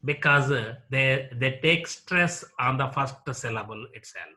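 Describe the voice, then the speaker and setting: Slow, bright-voiced Indian English lecturer. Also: male voice, mid-range voice. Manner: slow, deliberate, repeats example words for drill. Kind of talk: classroom lecture on word stress.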